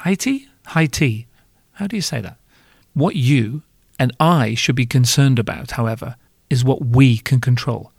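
A man's voice: medium pitch, moderate pace, vocal fry, a little mellow, breathy edge, no room sound, studio quality. A man hosting a podcast, delivering a scripted comic monologue in a wry, self-mocking way with casual swearing. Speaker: podcast host.

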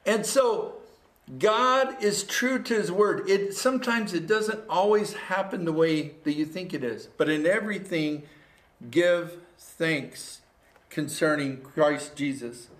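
Earnest pastor preaching to a camera. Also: male voice, a little high, takes it slowly, a bit bright. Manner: earnest, repeats phrases, rises to exhortation. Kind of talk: livestreamed sermon. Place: church room. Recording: echoey room.

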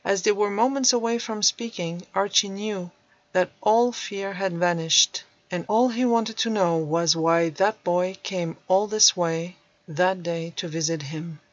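A woman narrating a storybook in a measured, even way. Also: lowish voice, no room sound. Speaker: audiobook narrator. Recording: dull dry recording.

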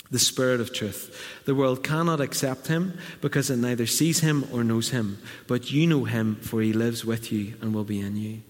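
A middle-aged man from Northern Ireland gives a conversational sermon in a church hall, his voice medium in pitch and normal in speed. Now and then he acts out quotes in a raised voice. The recording carries the reverberant sound of the hall.

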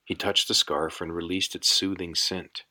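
Male audiobook narrator, scripted narration, measured, deep, bright tone. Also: flat delivery.

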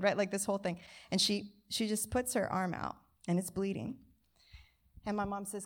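Woman preaching an animated story sermon. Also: medium pitch, brisk. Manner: animated storytelling with acted quotes. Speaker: pastor. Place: church service.

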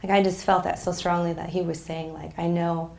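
An earnest woman speaks as a podcast guest, reflective and openly moved. Her voice sits low with a gravelly fry. The room gives it an audible echo. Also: level tone, brisk, a little mellow. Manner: earnest, reflective, gets emotional. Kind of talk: casual faith conversation.

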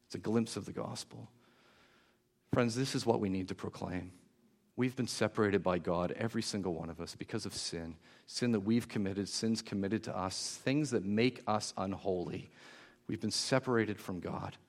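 A man preaching a sermon, telling a moving story with warmth and hushed, emotional moments. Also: on the low side, moderate pace, gravelly.

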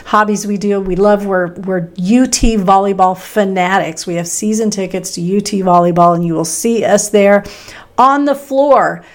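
A middle-aged woman from Texas with a Midwestern American accent, hosting a solo podcast in an upbeat, conversational way with emphatic pauses. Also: mid-range voice. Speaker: podcast host.

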